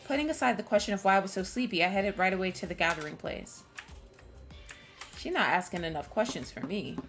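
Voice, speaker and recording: A woman's voice: medium pitch, lively intonation, a little fast, fairly bright tone, soft background music. A woman streamer reading a visual novel aloud, cutting in with blunt, swearing asides.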